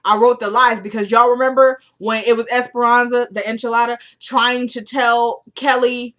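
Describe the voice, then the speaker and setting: A woman casually recapping a TV episode, retelling scenes line by line and chatting excitedly with viewers. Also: a little high, moderate pace. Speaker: TV episode reviewer. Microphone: camera microphone.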